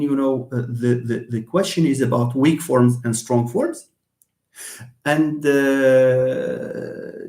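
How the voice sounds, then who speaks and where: A man's voice: mid-range voice, a little mellow, roomy sound. A middle-aged man with a Moroccan accent teaching English pronunciation in a live online lesson, often repeating words and sounding them out for students.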